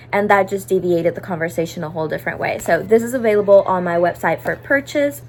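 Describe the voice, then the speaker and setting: A woman's voice: mid-range voice, low-quality recording. A young woman who performs as a party princess, explaining character tips in a casual, upbeat, chatty vlog.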